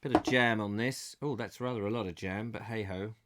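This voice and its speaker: A man's voice: on the low side, brisk, noisy background. A man hosting a live call-in chat show, rambling and joking as he chats to callers, with a slight cough. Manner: chatty, jokey, animated, laughs often. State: recovering from a cough.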